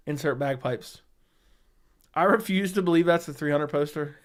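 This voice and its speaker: This MMA livestream host talks fairly fast in a fairly high-pitched voice, reading out comments from viewers and replying with blunt, profanity-laced answers he often repeats. The show is casual, and he speaks into a studio dynamic mic.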